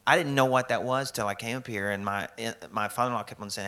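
Bright-voiced joking preacher man. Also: mid-range voice, expressive, quick pace, few pauses. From American South. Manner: conversational and joking, acts out quoted people. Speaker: pastor. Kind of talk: sermon.

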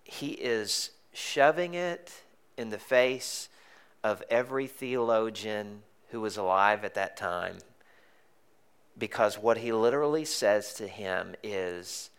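Guy pastor giving a sermon, bright punchy voice, chatty and jokey, goes hushed and intense sometimes. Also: on the low side, takes it slowly, clear, resonant tone. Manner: conversational and joking, dropping to a hushed intensity.

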